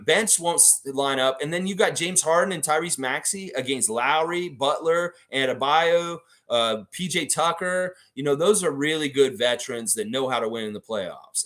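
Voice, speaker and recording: A man's voice: medium pitch, fairly bright tone. Rambling male livestream host. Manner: rambling, thinking aloud with restarts. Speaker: livestream host reading chat. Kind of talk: casual live chat.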